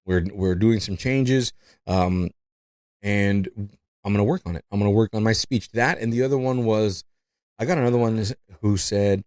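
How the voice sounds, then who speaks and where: A man's voice: fairly low pitch, moderate pace, darkish tone, no room sound, studio quality. A man who learned English as a second language, hosting a podcast and chatting casually with lots of fillers and "you know". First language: not English. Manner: rambling, fillers, frequent "you know", laughs often. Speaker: podcast host.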